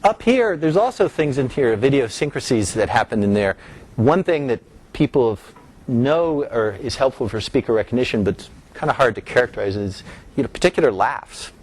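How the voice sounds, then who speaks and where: In an expressive, mid-range voice and at a fairly quick pace, a middle-aged man gives an academic lecture. He builds his explanation step by step, lifts his voice on key terms, and restarts now and then.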